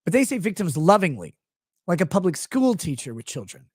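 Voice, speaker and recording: Animated, profane ranting man. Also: high-pitched, fairly quick, breathy edge, no room sound, studio quality. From United States. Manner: profane, sarcastic, mocking asides. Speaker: show host. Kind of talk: ranting political commentary.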